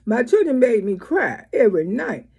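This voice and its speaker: High, husky woman scolding bluntly. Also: big pitch swings, normal speed, mellow, dull audio. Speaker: vlogger. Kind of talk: blunt commentary vlog.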